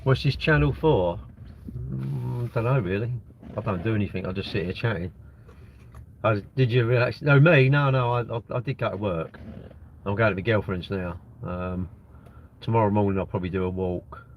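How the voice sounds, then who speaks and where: Older man, 60s, low voice, rambling live-stream chat from a car, slightly dull phone audio, faint background noise. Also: moderate pace. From Britain. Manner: rambling, chatty, reads comments aloud and answers them. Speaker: livestream host. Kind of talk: casual live-stream chat reading viewer comments. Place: inside a parked car. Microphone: phone propped at the windscreen.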